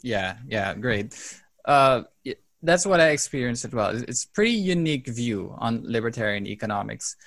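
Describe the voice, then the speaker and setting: A man's voice: medium pitch, lively intonation, moderate pace, fairly bright tone, no echo. Polite male host from Suriname, dry. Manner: polite, inquisitive. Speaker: podcast host. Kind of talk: interview questions.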